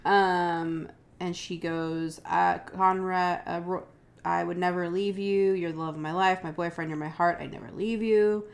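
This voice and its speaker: A woman's voice: on the low side, flat delivery, measured pace, creaky. A woman co-hosting a podcast, casually retelling a true-crime case and reading out text messages, with lots of "like" and "um" fillers. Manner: chatty, many "like" and "um" fillers, quotes texts with "she goes". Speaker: podcast co-host.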